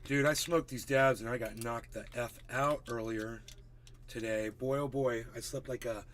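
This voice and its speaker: A man hosts a casual livestream, chatty but a little distracted as he fiddles with his settings and greets viewers by name. His medium-pitched, fairly bright voice stays fairly even at a moderate pace, with a touch of hiss or hum in the recording.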